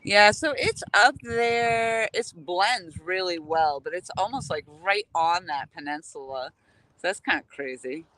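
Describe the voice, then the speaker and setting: A woman's voice: on the low side, lively intonation, measured pace, fairly bright tone, low-quality recording. A woman hosting a casual live stream from a kayak on a lake, chatting in a bubbly way with viewers. She speaks into a phone held on a selfie stick. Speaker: livestream host.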